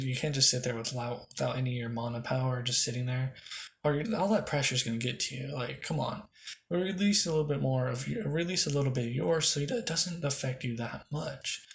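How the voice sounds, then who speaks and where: Brief: young male storyteller, improvised and rambling, mid pitch, close mic. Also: gravelly, a little hiss or hum. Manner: rambling, lots of fillers and restarts. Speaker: fan storyteller. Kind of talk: improvised fan-fiction storytelling.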